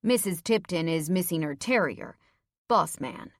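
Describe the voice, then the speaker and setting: A woman playing a hulking, stoic male highway patrolman in an audiobook; he speaks in slow, clipped, steady phrases, flatly and without fuss. The recording is dry and close, with no room sound. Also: no echo. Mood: steady, terse. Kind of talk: audiobook character voice.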